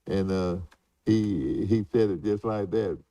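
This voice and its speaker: A man's voice: lowish voice, slow pace, warm tone, no room sound, far from the mic, low-quality recording. An older man, reminiscing in casual chat as co-host, rambling with many fillers and restarts.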